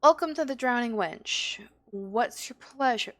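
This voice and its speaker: A woman's voice: fairly high pitch, animated, a little slow, fairly bright tone, no room sound, studio quality. A woman voicing a teasing female tavern keeper, reading her lines aloud.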